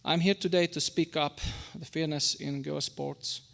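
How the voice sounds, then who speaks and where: A tired man with a Hungarian accent, speaking haltingly and apologetically as a public commenter at a school board meeting. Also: a little high, steady tone, gravelly, fairly bright tone. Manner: halting, apologetic, many restarts. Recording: long reverb of a meeting hall.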